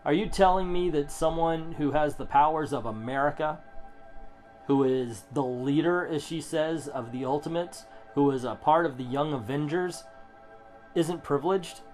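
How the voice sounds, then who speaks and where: A man's voice: fairly high pitch, normal speed, a little mellow. Sarcastic ranting middle-aged man. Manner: sarcastic, swears, rants. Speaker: comic book reviewer. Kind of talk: ranting comic review commentary. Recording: music playing under the voice. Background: background music.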